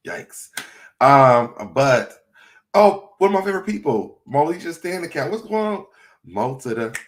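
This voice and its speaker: A man hosting a casual livestream, chatty and laughing often as he reads viewer comments aloud. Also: on the low side. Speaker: livestream host.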